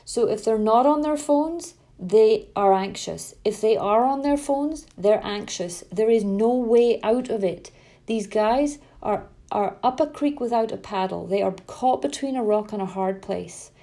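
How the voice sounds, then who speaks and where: A middle-aged woman coaching parents in an earnest, emphatic way, stressing her points by saying them twice. Her voice sits a little high but sounds mellow and soft-edged. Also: unhurried. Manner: emphatic, repeats words for stress, tells anecdotes. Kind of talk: earnest spoken talk to parents.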